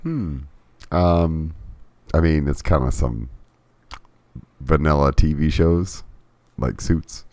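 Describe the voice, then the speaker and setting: A man co-hosting a podcast in casual chat, relaxed and wry. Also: a bass voice, takes it slowly, pauses often, dry recording. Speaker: podcast co-host.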